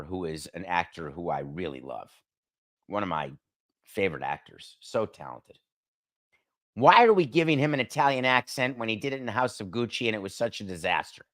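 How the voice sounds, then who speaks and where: A middle-aged man hosting a solo sports talk show, brash and opinionated, firing off emphatic rhetorical questions. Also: mid-range voice.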